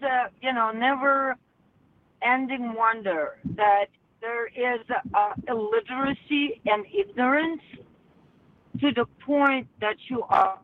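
A woman caller speaks slowly and haltingly, filling pauses with hesitation sounds. She comes through a thin, tinny phone line with a narrow band. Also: on the high side. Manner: halting, full of filler sounds. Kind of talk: call-in radio comment. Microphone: telephone.

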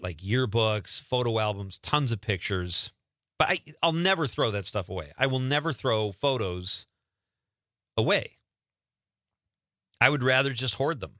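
Bright-voiced chatty male host. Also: on the low side, gravelly, no echo, studio quality. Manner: chatty, joking, self-deprecating. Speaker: show host. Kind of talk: casual radio-style chat.

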